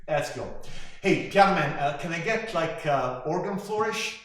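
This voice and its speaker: An actor playing a cynical, washed-up male horse, a former sitcom star, delivering a sardonic, deadpan eulogy monologue. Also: fairly high pitch, normal speed. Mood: mock-cheerful. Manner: sardonic, deadpan, self-deprecating. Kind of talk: comic monologue performance. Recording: very echoey room.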